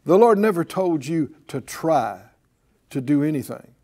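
High-voiced preaching man, emphatic. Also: expressive, measured pace, darkish tone. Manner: call-and-response preaching with rhetorical questions; emphatic, repeats key phrases. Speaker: pastor. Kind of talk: sermon.

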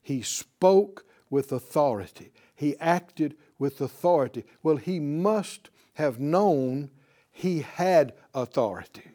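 A man's voice: on the high side, lively intonation, slow, dark tone. A man teaching a Bible lesson in an emphatic preaching style, calling out to his audience for responses. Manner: emphatic, rising on key words.

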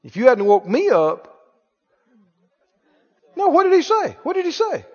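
A man preaching a sermon, animated, asking the congregation questions and acting out scenes. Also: extremely high pitch, a little slow. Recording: reverberant church hall, dull lo-fi sound.

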